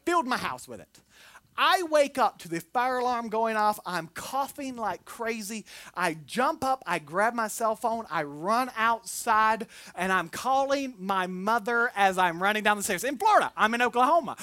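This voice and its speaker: A woman preaching a sermon, telling personal stories in an animated way and jumping into acted quotes. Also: on the high side, moderate pace, dry recording.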